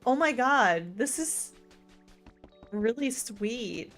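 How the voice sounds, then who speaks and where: A woman's voice: medium pitch, measured pace. Chatty woman streamer with faint game music. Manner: chatty and excitable, swings between gushing and muttering. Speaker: gaming streamer. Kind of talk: casual let's-play commentary.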